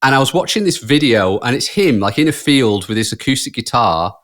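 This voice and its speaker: A man's voice: medium pitch, sing-song, a little fast, fairly bright tone. A man co-hosting a podcast, telling rambling stories in casual chat and laughing often. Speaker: podcast co-host.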